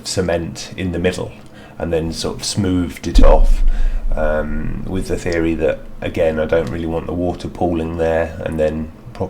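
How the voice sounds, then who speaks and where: A man's voice: sits low, a little hiss or hum. A man outdoors in a garden, talking through a DIY product review in a rambling, hesitant way with many fillers.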